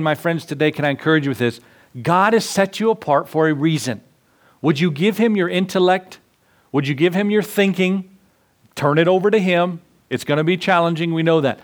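A man preaching a sermon in a church, passionate and full of questions to the congregation. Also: on the high side. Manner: impassioned, rhetorical questions to the congregation. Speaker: pastor.

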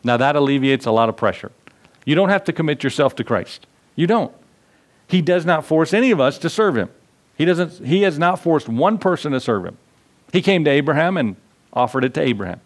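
A man preaching a sermon, quoting old-fashioned scripture and pushing his points with rising emphasis, then dropping low and reflective. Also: animated, fairly quick. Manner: quotes scripture in King James wording. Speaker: pastor.

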